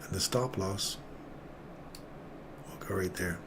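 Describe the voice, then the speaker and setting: A middle-aged man giving excitable, self-mocking live commentary on his own trades as he makes them. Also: deep voice, takes it slowly, background noise.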